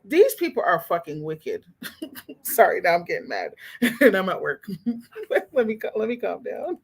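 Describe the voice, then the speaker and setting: A woman ranting casually to her chat, profane and animated, breaking into laughter and reading comments aloud, with a lilt. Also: medium pitch, measured pace, vocal fry, husky. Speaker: streamer reacting to chat. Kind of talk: heated casual rant.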